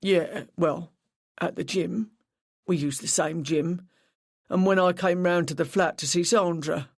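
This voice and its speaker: Read by the narrator, a sullen young man drops short, flat answers that go nowhere. His grief sits just under the clipped words. The read is dry and close, with no room sound. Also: sits high, unhurried, vocal fry, no room sound, exaggerated voice. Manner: flat, curt, mumbling replies. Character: grieving sullen young male cyclist.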